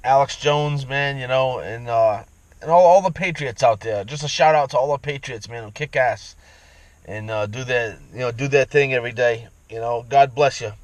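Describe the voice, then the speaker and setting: A man's voice: mid-range voice, normal speed, no echo, poor audio. A man ranting in a profane, rambling vlog monologue from inside his vehicle, repeating himself as he goes. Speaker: vlogger.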